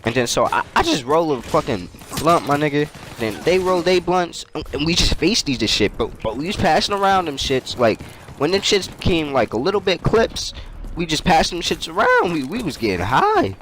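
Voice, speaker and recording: Brief: young male gamer, high-ish animated voice, slangy storytelling, game gunfire underneath. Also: moderate pace. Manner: loose, slangy, laughs often. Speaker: gaming YouTuber. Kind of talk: casual storytelling over gameplay. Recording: game gunfire noise behind voice. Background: video game gunfire and clicks.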